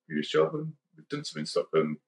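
A man's voice: extremely low pitch, big pitch swings, brisk, vocal fry, reverberant. A man hosting a podcast, chatting casually and rambling with frequent ums and self-corrections. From United Kingdom. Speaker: podcast host. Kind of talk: casual conversational podcast chat.

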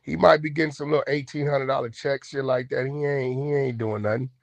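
A man hosting an online talk room, naturally loud, blunt and aggressive, with profane casual speech. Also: mid-range voice, fairly even intonation, a little fast, gravelly, no room sound. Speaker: host. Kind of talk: heated casual chat. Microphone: online audio room.

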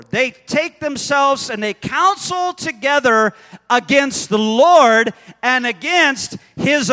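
A man preaching a sermon, swinging from hushed asides to shouted proclamations. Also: extremely high pitch, in a large hall. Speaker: pastor.

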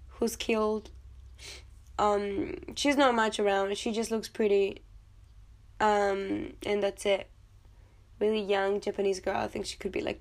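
A woman vlogger talking casually about a film, chatty and blunt, with swearing and rambling asides. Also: mid-range voice. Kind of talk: casual chat.

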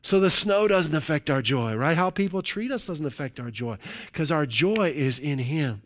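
Pastor guy preaching, slightly high voice, lots of hallelujahs and jokes. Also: normal speed. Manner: animated preaching with frequent "hallelujah" and "right?"; jokey asides to the congregation. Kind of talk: sermon.

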